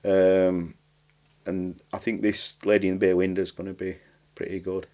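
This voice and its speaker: A man's voice: deep voice, little pitch movement, normal speed, warm tone. A man with a Barnsley accent, chatting as a podcast guest in a rambling way, with broad dialect and dropped words. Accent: Barnsley, South Yorkshire. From Barnsley, England. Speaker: podcast guest, writer and comedian. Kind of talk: casual interview chat.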